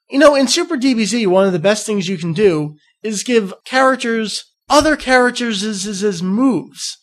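A young man from New Jersey hosting a casual podcast, talking in an excitable, rambling, jokey way. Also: sits high, fairly quick, hardly any pauses. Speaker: podcast host.

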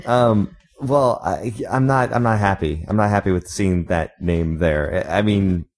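A man co-hosting a casual podcast, speaking hesitantly with halting restarts. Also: low voice, a little mellow. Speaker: podcast co-host. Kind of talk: casual chat.

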